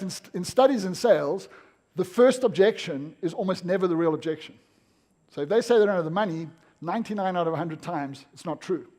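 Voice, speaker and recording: Energetic South African man with a high voice. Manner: energetic, emphatic, direct to audience. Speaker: motivational speaker. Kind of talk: live seminar talk. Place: event room with audience.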